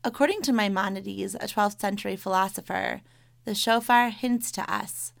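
A woman co-hosting a podcast, reading scripted documentary narration in a measured, informative way. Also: mid-range voice, creaky, no room sound, studio quality. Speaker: podcast co-host.

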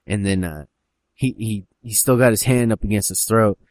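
Rambling man pitching a story. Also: moderate pace, no room sound. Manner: rambling, animated, profane. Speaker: co-writer. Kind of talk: casual story brainstorm.

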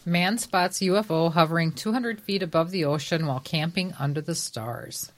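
Woman co-host reading odd news stories, kinda low voice, up for some back-and-forth. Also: moderate pace. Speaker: podcast co-host. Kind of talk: reading news items in casual chat.

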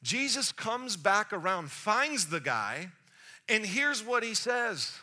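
A man's voice: sits high, sing-song, takes it slowly, bright, forceful tone. A man preaching, retelling Bible stories in a casual, slangy way. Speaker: pastor. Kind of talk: sermon storytelling.

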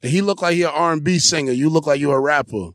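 Gravelly New podcast host. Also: male voice, a little high, quick pace, dry recording, clean studio sound. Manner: animated, joking storyteller. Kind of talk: casual interview banter.

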